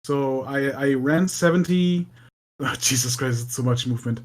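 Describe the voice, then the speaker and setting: A woman playing a tabletop game, lively and laughing as she acts out her character. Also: extremely low pitch, moderate pace. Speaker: player.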